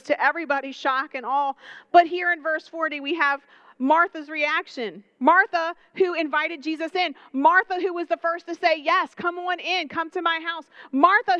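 Young woman preacher, high voice, dry and close, chatty and animated delivery with lots of questions to the crowd. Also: no room sound, lo-fi sound. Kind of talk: sermon.

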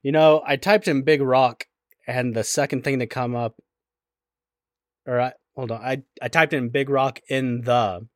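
Dry-humored guy fact-checking, flat dead room sound. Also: mid-range voice, measured pace, no echo. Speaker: podcast co-host. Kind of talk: casual chat.

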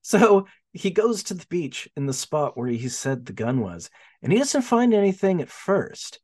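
A man's voice: on the high side, very animated, a little slow, a little mellow. A young man co-hosting a casual film podcast, laughing often and acting out characters' lines as he retells plots. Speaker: podcast co-host.

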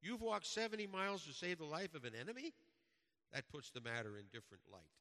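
A man's voice: on the low side, brisk, sharp tone, in a large hall. A man voicing an older general in a retold story, exclaiming with a raised voice. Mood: astonished. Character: older male general, surprised then granting pardon.

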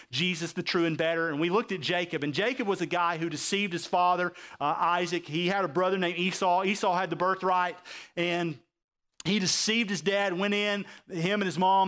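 A male pastor preaching a sermon, acting out quoted characters and often asking his congregation if they understand. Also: high voice. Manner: animated preaching, acts out quoted voices, asks the audience questions.

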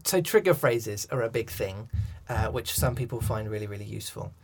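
A man's voice: fairly low pitch, animated, fairly quick, vocal fry, breathy edge. A man, a coach and director, talking through ideas in an interview, thoughtful with many restarts. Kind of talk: interview conversation.

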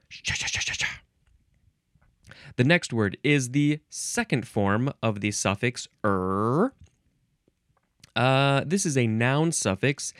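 A man hosts a casual solo podcast, working through dictionary entries with wry, goofy asides. He talks slowly and lets his pitch swoop up and down as he muses. The recording is dry and close, with no room sound. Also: a bit bright, dry recording.

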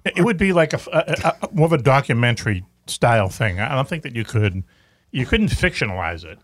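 A middle-aged radio host with a Boston accent who drifts from one tangent to the next and cracks jokes along the way. His voice is dry and close to the mic, with a plain, mid-range pitch. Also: very animated, fast talker, fairly bright tone, no room sound. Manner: jokey and rambling. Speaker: radio talk show host. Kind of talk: casual chat.

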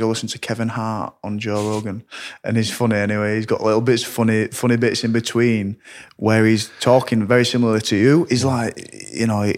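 A relaxed male podcast host with a fairly low voice. He talks casually, muses aloud and keeps backing up his guest with short agreements. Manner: relaxed, lots of "yeah" and "mm" backchannel.

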